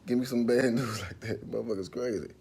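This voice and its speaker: A man hosting a casual livestream, telling stories in an animated, profane way and laughing often, speaking into a phone. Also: mid-range voice, quick pace, vocal fry, a little hiss or hum.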